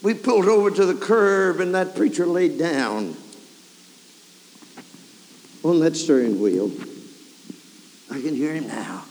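A man preaching a revival sermon, telling a story and building to fervent shouts. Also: on the high side, takes it slowly, long pauses. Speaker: evangelist preacher. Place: large camp meeting hall or tabernacle. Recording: 1990s camp meeting tape, hall reverb, faint hiss.

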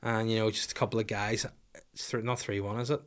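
A man's voice: lowish voice, flat delivery, a little fast, fairly bright tone. A man talks casually on his podcast, answering listener questions. He rambles, swears freely and jokes as he goes. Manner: profane, rambling, jokey. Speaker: podcast host.

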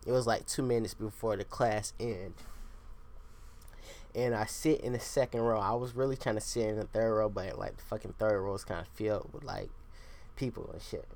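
A man's voice: fairly low pitch, moderate pace, a little mellow. Profane, rambling young man. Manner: profane, digressive, self-deprecating. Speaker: podcast host. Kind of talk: casual rambling monologue.

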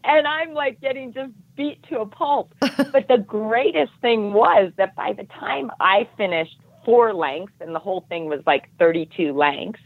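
A woman guest telling a self-deprecating story in casual talk, animated and acting out the voices of others. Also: medium pitch, measured pace, no echo. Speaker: podcast guest. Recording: muffled dull audio.

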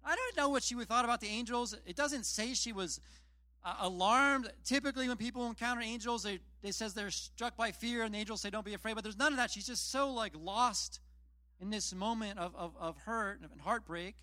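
A man's voice: sits high, a little fast, pushed and bright, no room sound. A man preaching a casual sermon, retelling scripture in plain, chatty storytelling with self-deprecating asides. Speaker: pastor.

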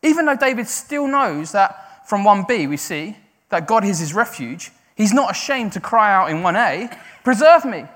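A man preaching in a church hall. His voice sits a little higher than most men's and carries a long reverb from the hall. He moves from loud, raised cries back down to a quiet, chatty delivery. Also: expressive, moderate pace. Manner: builds to loud cries when quoting, then drops quiet and conversational. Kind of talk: sermon.

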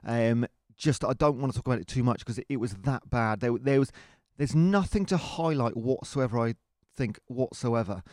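A man co-hosting a casual football podcast, telling stories in a chatty, animated way. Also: mid-range voice, normal speed, no room sound, studio quality. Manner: chatty, animated storyteller with rising laughs. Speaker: podcast co-host.

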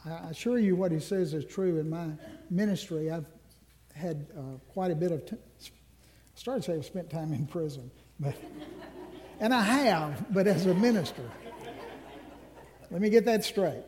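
A man preaching an Ash Wednesday sermon as minister, earnest and slowing down on key phrases. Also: on the high side, a little mellow, slight background noise.

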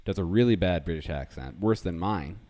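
A man's voice: sits low, expressive, fairly quick, mellow, dry recording. A man hosting a podcast, chatting casually and jokily as he recaps a sitcom episode, rambling with fillers. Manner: rambling, jokey, with many fillers. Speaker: podcast host.

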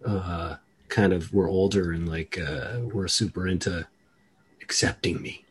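Husky low-voiced man hosting podcast. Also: fairly even intonation, a little slow. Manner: rambling, self-deprecating, trails off quietly. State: keeping his voice low. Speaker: podcast host. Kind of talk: casual conversation.

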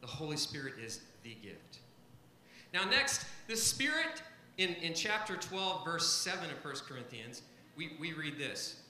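A man's voice: a little high, sing-song, measured pace, pushed and bright, roomy sound, a little hiss or hum, low-quality recording. A man, a pastor, preaching a sermon to a congregation, stressing key points by repeating them. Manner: emphatic, repeats key phrases.

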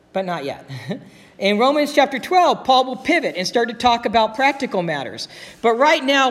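A man's voice: sits high, fairly bright tone. A man preaching a sermon as pastor, speaking with emphatic, rising exclamations. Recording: long reverb of a large hall.

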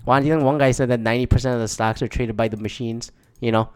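A man's voice: mid-range voice, steady tone, fast talker, darkish tone, smooth, no room sound, studio quality. A man hosting his own show, talking alone in a rambling, profane way with frequent restarts. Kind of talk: casual solo monologue.

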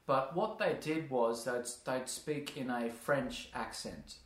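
In a roomy-sounding recording, a podcast host with a medium-pitched voice takes his time, chatting casually and rambling. He laughs a lot and slips into playful voices when giving examples.

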